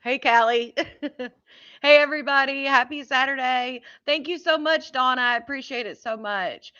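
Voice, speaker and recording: A woman's voice: sits high, moderate pace, bright, forceful tone, clear, resonant tone, muffled recording. A woman hosting a casual live stream, chatting and greeting viewers one by one by name.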